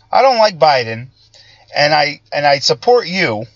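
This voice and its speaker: Halting man with a low-fi sound. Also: very animated, no echo, muffled recording. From Italian-American background. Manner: halting, many restarts and fillers, conversational. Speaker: political commentary host. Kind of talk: casual political monologue.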